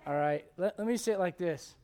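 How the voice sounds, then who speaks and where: Male preacher, sermon, animated, joking with the crowd, high voice, middle-aged. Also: a little fast. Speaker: pastor. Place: church.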